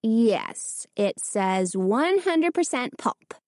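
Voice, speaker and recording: A woman voicing a cheerful young girl in a storybook reading, bright and teasing. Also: a little high, big pitch swings, extremely slow, dry recording, clean studio sound, heavily acted. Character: cheerful preteen girl, teasing older sister.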